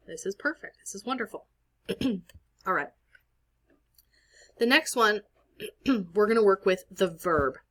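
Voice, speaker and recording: A woman teaching a Spanish class, explaining each step patiently and clearing her throat now and then. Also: medium pitch, fairly bright tone. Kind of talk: screen-recorded lesson walkthrough.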